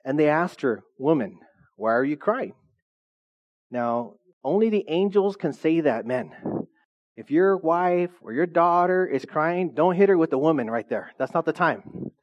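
A man's voice: on the high side, animated, moderate pace, lo-fi sound. A man preaching a sermon as pastor, reading scripture and slipping in joking asides to the congregation.

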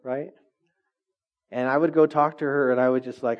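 A man preaching a conversational sermon, animated and chatty, often laughing and asking the congregation questions. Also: medium pitch, moderate pace, highs cut off. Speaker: pastor.

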